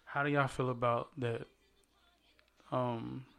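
A man hosting a casual chat at a table, animated and swearing freely as he jokes with two women. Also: mid-range voice, takes it slowly, creaky. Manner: animated, swearing, laughs often. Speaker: podcast host. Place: indoors at a table.

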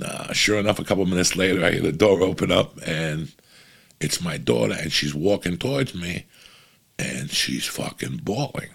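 Comedian type, man: deep husky voice, casual and profane, rambles through a story. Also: fairly bright tone.

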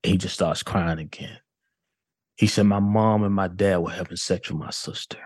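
A man's voice: low voice, moderate pace, slightly rough, no room sound, studio quality. A man, a detective, telling a case story in a casual way and acting out what people said. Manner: animated retelling with quoted dialogue. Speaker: detective guest.

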